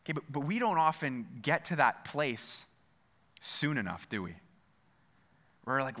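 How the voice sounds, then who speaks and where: Bright-voiced man preaching earnestly. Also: mid-range voice, sing-song, moderate pace. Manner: earnest, repeats phrases, addresses listeners directly. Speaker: pastor. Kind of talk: sermon.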